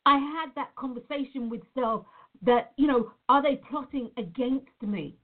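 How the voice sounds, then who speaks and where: A woman with a fairly high voice speaks earnestly and reflectively, calling her viewers "guys" in a casual spiritual talk. The sound is tinny and narrow, as if carried over a phone line. She comes across as a reflexologist from Nevada. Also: measured pace. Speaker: reflexologist sharing a personal reflection.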